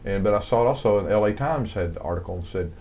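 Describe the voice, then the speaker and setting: Older Southern man, very low voice, rambling interview guest, faint background noise. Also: lively intonation, fast, darkish tone. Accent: light Southern American. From American South. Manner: rambling, many fillers and restarts. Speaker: guest, songwriter and composer. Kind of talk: casual interview storytelling.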